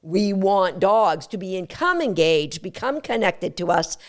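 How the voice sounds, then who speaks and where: A woman dog trainer hosting an instructional podcast, emphatic and lively, acting out little quotes as she explains. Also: mid-range voice, measured pace. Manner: animated, emphatic, acts out quotes.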